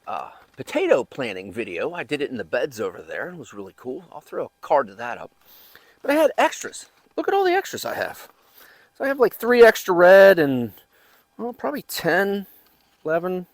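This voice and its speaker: Man, backyard gardening vlogger, rambling casual talk, higher voice with lots of up and down, dry close sound. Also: no echo. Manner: rambling, chatty, talks while digging. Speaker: gardening channel host. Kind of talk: casual chat.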